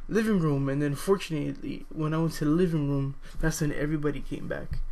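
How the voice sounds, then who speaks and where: A man's voice: vocal fry, dark tone. Hesitant young man recounting a memory. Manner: halting, hesitant recounting with many fillers; acts out quoted voices with sudden high pitch. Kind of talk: personal storytelling vlog.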